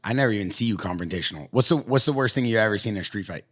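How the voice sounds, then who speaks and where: A man co-hosts a podcast and breaks in with quick questions. His voice is husky and lively, and his pace is very fast. He sits slightly low in pitch. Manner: short reactions and questions. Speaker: podcast co-host. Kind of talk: casual conversation.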